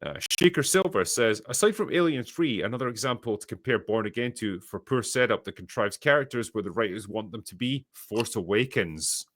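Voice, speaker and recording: A man's voice: fairly low pitch, lively intonation, a little fast, few pauses, no room sound. Sardonic Scottish man reading viewer messages. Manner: dry, profane, sardonic. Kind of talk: casual chat.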